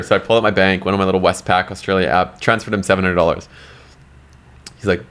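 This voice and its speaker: A young man with a very low voice, a podcast guest spinning a long casual story. He swears freely, fills in with "like" and "you know", and acts out what others said. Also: steady tone, fast talker, a bit bright. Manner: blunt, swears freely, lots of fillers. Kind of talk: casual storytelling with acted-out quotes.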